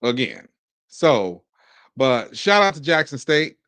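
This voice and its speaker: Man from Mississippi, forties, casual sports commentary, animated bursts, mid pitch, dry close mic. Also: slow pace, no room sound. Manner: animated, talks in bursts with restarts. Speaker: podcast host.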